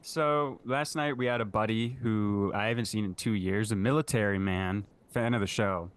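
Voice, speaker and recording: A man's voice: lowish voice, moderate pace, smooth. A young man in his twenties co-hosting a podcast, telling a story in a laid-back, slangy, profane way while hungover. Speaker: podcast co-host. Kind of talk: casual chat.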